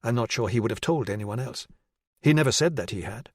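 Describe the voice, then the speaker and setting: A man's voice: medium pitch, animated, husky, dry recording, studio quality. A man voicing a nervous middle-aged woman psychiatrist. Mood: guarded. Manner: hesitant, measured.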